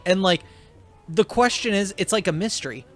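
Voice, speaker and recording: Young male co-host with a high, very lively voice. An animated storyteller in casual gaming chat. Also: moderate pace, soft background music. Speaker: podcast co-host. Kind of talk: casual chat while playing a video game.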